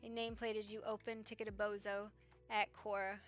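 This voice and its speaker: A woman streamer chatting casually about a roleplay game, rambling and animated, often tagging "right?" onto her points. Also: mid-range voice, brisk. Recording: slightly dull stream mic with faint music.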